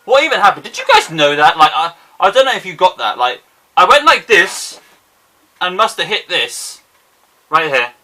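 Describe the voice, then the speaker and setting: A young man with an excitable, self-mocking manner, commentating his own football video game match. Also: high-pitched, moderate pace, distant mic. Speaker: gaming YouTuber. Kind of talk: casual gameplay commentary.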